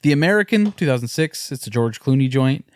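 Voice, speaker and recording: A man's voice: mid-range voice, expressive. Enthusiastic young man podcasting. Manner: enthusiastic, swearing, quick movie recommendations. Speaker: podcast co-host. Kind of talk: casual chat.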